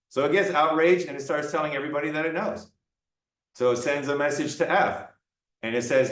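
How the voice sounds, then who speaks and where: A man's voice: fairly high pitch, fairly quick, a bit bright. Male lecturer, playful, classroom lecture, distant mic, roomy echo. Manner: playful, acting out examples. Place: lecture room.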